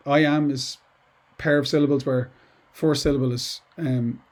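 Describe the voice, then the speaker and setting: Middle-aged guy teaching english, rambly and informal, keeps going off on tangents, mid-pitched voice. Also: steady tone, moderate pace, darkish tone. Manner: chatty and digressive, with asides and restarts. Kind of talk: informal lesson to students.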